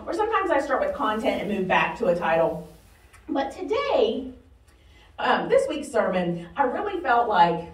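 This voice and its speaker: A woman pastor with a light Southern accent, preaching a chatty, humorous sermon. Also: a little high. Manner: chatty, humorous, animated, laughing often. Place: church sanctuary. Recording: roomy sound from a distance.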